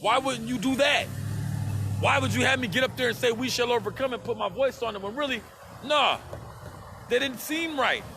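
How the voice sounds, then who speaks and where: A man's voice: very high-pitched, moderate pace, long pauses, background noise. A man on a livestream, speaking to his viewers in an impassioned, profane rant and repeating himself for emphasis.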